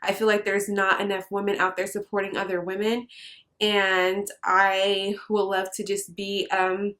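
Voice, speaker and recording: A woman's voice: mid-range voice, little pitch movement, a little slow, a bit bright. Earnest young woman vlogger. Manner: earnest, hesitant with many fillers. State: emotional, near tears. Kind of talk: personal testimony vlog.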